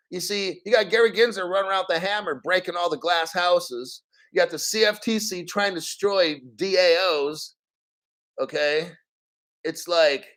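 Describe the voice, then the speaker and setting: A man's voice: sits high, fairly bright tone. Profane, fired-up male crypto streamer. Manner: profane, emphatic, rhetorical questions. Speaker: crypto livestream host. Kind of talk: casual live-stream rant.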